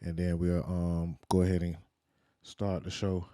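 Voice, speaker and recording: A man hosting his podcast in a loose, relaxed chat, leaning on fillers and slang. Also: low voice, measured pace, no echo, studio quality. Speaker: podcast host.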